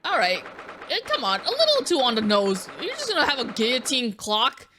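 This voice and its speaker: A young woman streamer giving casual, joking commentary with quick asides while she plays a game. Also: high-pitched, huge pitch swings, background noise. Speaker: let's play streamer. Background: game music.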